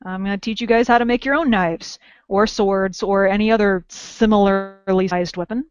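A woman's voice: medium pitch, steady tone, moderate pace, clean tone, dry recording. A woman co-hosting a podcast in casual chat, wry and self-mocking as she explains crafting tips. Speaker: podcast co-host. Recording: dull lo-fi dry podcast audio.

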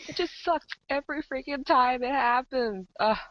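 A woman, hoarse from yelling, co-hosting a podcast in a giggly, breezy way. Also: sits high, normal speed, muffled recording, a crowd in the background. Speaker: podcast co-host. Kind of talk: casual podcast chat.

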